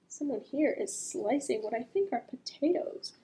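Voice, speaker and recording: A woman reading a picture book aloud to children as a librarian, gently asking the listener questions and drawing out the sound words. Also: high voice, animated, moderate pace, low-quality recording.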